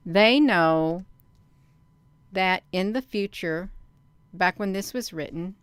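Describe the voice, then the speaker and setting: A woman hosts her own channel, casually reading a document aloud and commenting as she goes, stressing words, repeating phrases and often addressing viewers as "you all". Her voice is on the low side, fairly bright and clean, with no echo.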